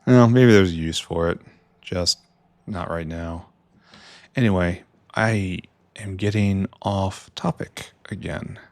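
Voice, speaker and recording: A man with a deep, low voice narrates his game slowly as a streamer in a casual let's-play, thinking aloud and rambling. Wry asides come often, as do quiet mutters to himself. Close to the mic and dry, the recording has no room sound.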